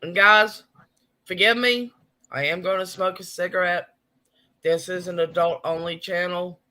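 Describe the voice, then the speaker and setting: Chatty bright-voiced man hosting a live stream. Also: high-pitched, steady tone, unhurried. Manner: chatty, greets viewers and reads chat comments aloud. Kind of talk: casual live-stream chat.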